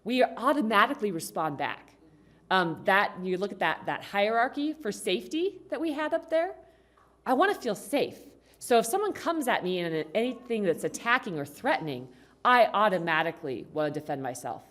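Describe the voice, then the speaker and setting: A woman's voice: medium pitch, very animated, moderate pace, fairly bright tone. A woman giving a conversational talk to a congregation, asking the audience questions. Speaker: speaker at a congregation. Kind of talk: talk on communication.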